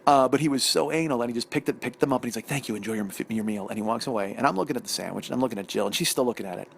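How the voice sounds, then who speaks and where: Male podcast host, gravelly, profane comic storyteller who gets worked up as the rant builds. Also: medium pitch, rapid-fire, a little hiss or hum. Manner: animated, profane, ranting. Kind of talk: comedic storytelling monologue.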